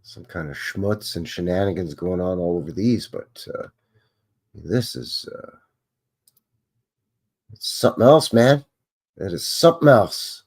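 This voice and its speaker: A man's voice: deep voice, measured pace, pauses often, a little mellow. A man hosting a live stream, musing and chatting as he thinks aloud over old photographs.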